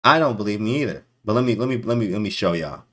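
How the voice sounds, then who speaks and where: Low-voiced dude streaming chess, super animated, keeps talking to chat in slang. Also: male voice, fast. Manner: excitable, disbelieving, talks to chat in slang. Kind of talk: live-stream chess commentary.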